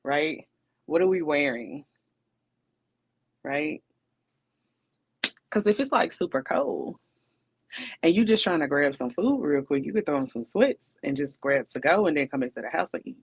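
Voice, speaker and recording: A woman's voice: sits low, animated, a little slow, pauses often, slight background noise. A woman co-hosting a casual relationship podcast, talking in a chatty, rhetorical way and often checking in with her listener. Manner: chatty, rhetorical, keeps asking "you know what I'm saying". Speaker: podcast co-host.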